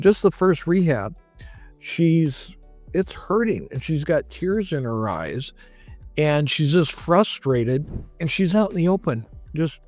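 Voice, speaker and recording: A man's voice: a little high, darkish tone. A male chiropractor telling a patient's story in a conversational way, acting out what others said. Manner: conversational, quotes others in raised voices. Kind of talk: storytelling monologue.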